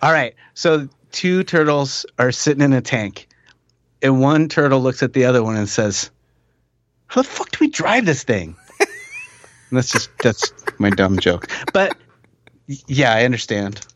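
A man hosting a podcast in casual chat, animated and talking with his hands. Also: mid-range voice, unhurried, no echo, lo-fi sound. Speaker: podcast host.

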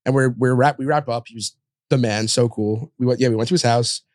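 A man's voice: medium pitch, steady tone, darkish tone, no room sound, clean studio sound. A young man on a podcast, telling rambling stories full of fillers and swearing. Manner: rapid storytelling with lots of fillers and swearing. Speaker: podcast guest. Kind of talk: casual chat.

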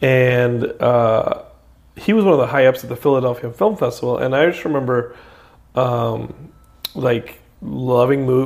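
A man's voice: mid-range voice, darkish tone. A middle-aged man reminiscing in casual chat, rambling with lots of fillers and laughter.

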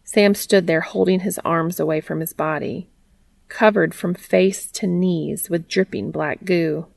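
A woman reading a fan fiction story aloud in a steady, plain narrating manner. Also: on the low side, a little slow, creaky, no echo.

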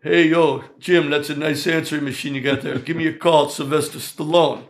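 A man's voice: a little high, fairly even intonation, normal speed, close to an everyday voice. A man putting on a brash, friendly male movie star with a drawling, casual way of talking, inside a story he tells. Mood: breezy.

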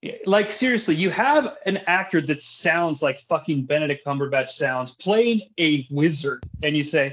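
Man, podcast host, casual rambling chat, frequent swearing, slightly high voice, dull lo-fi sound. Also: animated, normal speed, few pauses, fairly bright tone, breathy edge. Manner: rambling, profane, laughs often.

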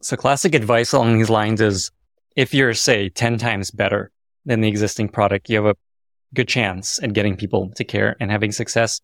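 A man hosting an interview, asking calm, curious questions. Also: on the low side, normal speed, dry recording, studio quality. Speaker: podcast host. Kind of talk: conversational interview.

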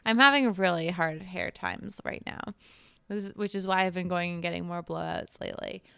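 A woman's voice: on the low side, normal speed, creaky, fairly bright tone, smooth, no echo. A young woman co-hosting a podcast, chatting casually and animatedly, often drifting back from her microphone. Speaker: podcast co-host. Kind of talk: casual chat. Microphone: moves back and forth from the microphone.

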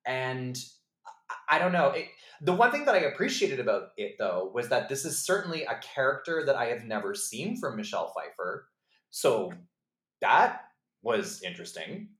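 Speaking at a normal speed in a mid-range voice, a man co-hosts a podcast discussing films casually, and the sound is roomy. His chatter is heavy on "like" and "um," with animated mock voices mixed in.

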